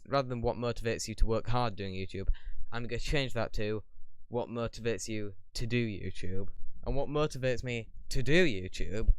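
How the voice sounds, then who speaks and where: A man's voice: lowish voice, clear, resonant tone, no room sound. A young man in a casual question-and-answer vlog, talking bluntly in a rambling, opinionated way. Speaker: YouTuber.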